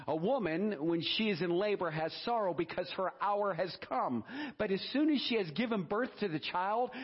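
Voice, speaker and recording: Fervent preacher, husky man. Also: sits high, muffled recording. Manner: fervent, animated preaching with exclamations. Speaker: pastor. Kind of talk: sermon.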